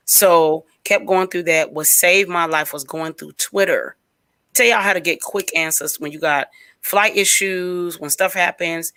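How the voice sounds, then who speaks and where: A woman on a radio talk show, telling a long story in casual chat, rambling and animated with plenty of fillers. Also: low-pitched, dry recording.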